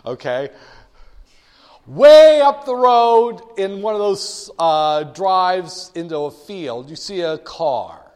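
A man lectures a class in a lively, joking way, spinning everyday stories to explain an idea. His voice sits a little high for a man. The sound rings with the long reverb of a big lecture hall. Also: slow pace, smooth. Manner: animated, joking storyteller.

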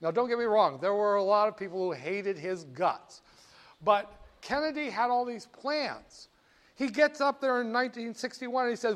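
An older man telling history in an informal, animated way, slipping into voices for the people he quotes. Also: sits high, moderate pace.

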